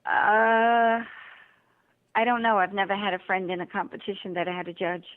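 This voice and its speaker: Animated woman over a tinny phone line. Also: mid-range voice, normal speed. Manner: animated, acts out quoted dialogue. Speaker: guest author and motivational speaker. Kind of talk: interview storytelling.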